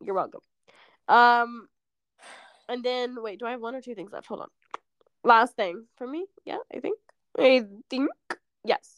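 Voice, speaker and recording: A young woman chats on her podcast in a high, bright-sounding voice, rambling through ideas and tossing out sarcastic jokes between giggles. The sound is dry and close, with no room around it. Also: a little slow, long pauses, no echo. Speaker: podcast co-host. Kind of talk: casual chat.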